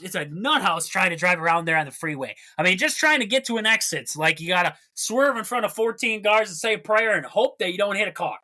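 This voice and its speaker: On his solo sports podcast, a man chats and jokes casually, wandering off into rambling asides. His voice is a little high, bright and forceful.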